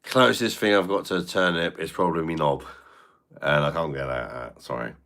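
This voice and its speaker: A British live streamer reads his chat aloud in a very deep, brisk, slightly bright voice. His casual talk to viewers is crude, slang-heavy joking banter packed with swearing.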